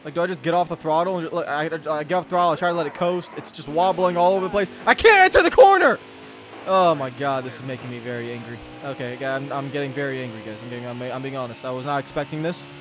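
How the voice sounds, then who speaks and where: This gaming channel host speaks rapid-fire with few pauses, his mid-range voice holding a steady tone as he narrates his own racing gameplay. He rambles, interrupts himself, and rants in exasperation, while game music, engine noise, and a slight hiss or hum sit underneath.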